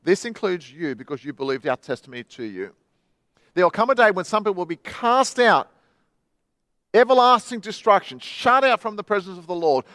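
An Australian pastor whose voice sits a little higher than most men's preaches a sermon in church. He reads dramatically, swinging widely between loud and hushed, fast and slow, and the sound is dry and close with no echo.

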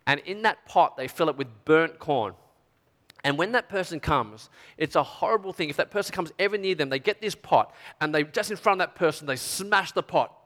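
A man preaching a sermon, telling a story with strong feeling, dropping to a hush and rising to near shouts. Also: a little high, animated, normal speed, long reverb tail. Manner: emotional storytelling, dramatic swings from hushed to shouting.

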